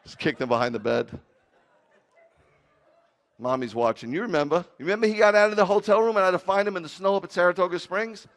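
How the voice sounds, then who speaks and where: A man's voice: high-pitched, fast, long pauses. A man preaching a sermon as rabbi, telling funny stories with jokey asides. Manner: animated storytelling with jokey asides.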